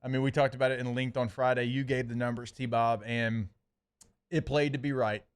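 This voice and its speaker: Dude on sports radio, medium voice, chill and chatty, laughs a lot. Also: male voice, mid-range voice, little pitch movement, normal speed, smooth. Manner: conversational, laughs easily. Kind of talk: casual sports talk.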